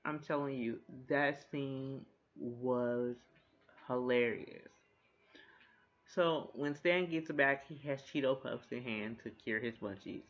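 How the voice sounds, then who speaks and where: A man giving a casual, animated recap of a TV episode. He talks in a chatty way, swears freely and laughs along with the jokes. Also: medium pitch, takes it slowly, muffled recording. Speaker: TV recap host.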